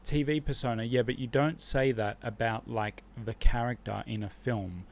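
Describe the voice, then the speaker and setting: A man's voice: medium pitch, fairly even intonation, moderate pace, creaky. An Australian man hosting a casual livestream, thinking aloud as he reviews Spanish flashcards. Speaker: livestream host learning Spanish.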